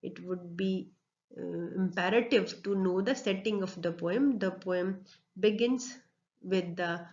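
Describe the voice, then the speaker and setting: A woman's voice: lowish voice, slow pace, a little mellow, muffled recording. A woman with an Indian accent, an English lecturer giving a classroom lecture, explaining step by step with frequent fillers and mixing English with Hindi.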